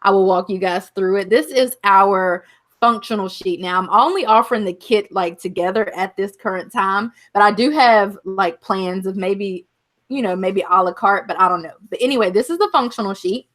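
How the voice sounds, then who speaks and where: Relaxed woman explaining a product. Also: mid-range voice, normal speed. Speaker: shop owner guest. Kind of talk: casual product walkthrough.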